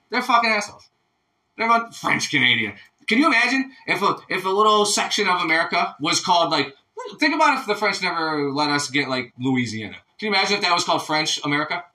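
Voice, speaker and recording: A man with a sharp, bright voice that swings high and low as he rants, loud and full of profanity. He is recorded in an echoey room that rings around his words. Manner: loud, ranting, profane, mock-quoting others. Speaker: podcast co-host. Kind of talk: casual banter.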